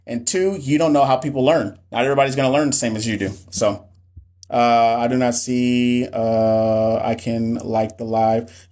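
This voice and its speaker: A man, hosting a casual live stream as a nursing tutor, reading viewer comments and chatting with many restarts. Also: mid-range voice. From Southern US.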